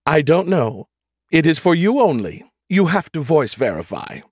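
A man voicing a polite, motherly female ship AI who gently teases and calls people dear. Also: a little high, big pitch swings, moderate pace, breathy edge, no echo, clean studio sound, voice pushed up. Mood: prim and polite.

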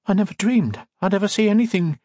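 A man's voice: sits high, fast talker, mellow, no echo, voice pushed up. A man voicing a determined young woman adventurer in an audiobook, giving urgent commands in a raised voice. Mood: shaken.

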